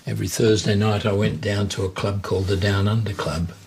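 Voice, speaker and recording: A man's voice: on the low side, level tone, fairly quick, a little hiss or hum. An older man with an Australian accent, an entertainer chatting and telling stories about his early years. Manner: chatty storyteller, warm anecdotes. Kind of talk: reminiscing conversation.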